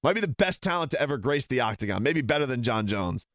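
A man's voice: mid-range voice, big pitch swings, quick pace, fairly bright tone, dry recording. Guy on a heated sarcastic sports rant, voice all over the place, dry close sound. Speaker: sports talk host. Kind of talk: ranting sports commentary.

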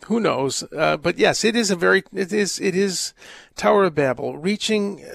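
A man's voice: fairly high pitch, fairly bright tone, dry recording. A man, a priest hosting a call-in radio show, giving earnest pastoral advice with jovial asides. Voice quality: gravelly. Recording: dry close studio mic.

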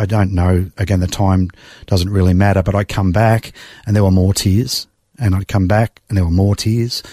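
A middle-aged Australian man telling his life story in a conversation, emotional and reflective, pausing and sighing as he goes. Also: lowish voice, a little mellow, husky, no echo, studio quality. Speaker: guest. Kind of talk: personal testimony in conversation.

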